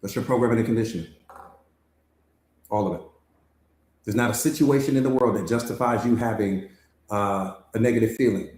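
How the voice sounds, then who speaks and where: A man's voice: medium pitch, darkish tone. A man coaching an audience in a motivational master class, with emphatic, preaching delivery and many repeated phrases. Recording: roomy echo.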